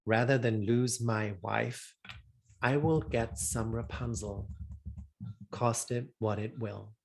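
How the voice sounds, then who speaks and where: A man's voice: mid-range voice, steady tone, slow pace, vocal fry, a little hiss or hum. A man reading the lines of a frightened husband in a fairy tale, pleading and earnest. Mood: resolved.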